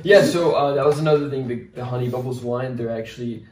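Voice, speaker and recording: A man's voice: medium pitch, fast, darkish tone, far from the mic. A young man co-hosting a casual chat, teasing and laughing through the banter. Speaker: co-host. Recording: echoey room, off-mic, with crowd noise.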